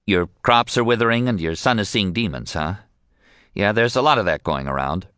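A man voicing a sleepy, laid-back male witch doctor taking a late-night phone call, in a drowsy deadpan manner. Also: fairly low pitch, normal speed, clear, resonant tone, no echo, clean studio sound.

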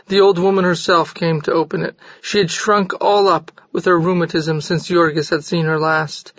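Male audiobook narrator, fairly high voice, steady measured delivery, dry and slightly muffled sound. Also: no room sound. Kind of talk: scripted novel narration. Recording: slightly dull dry recording.

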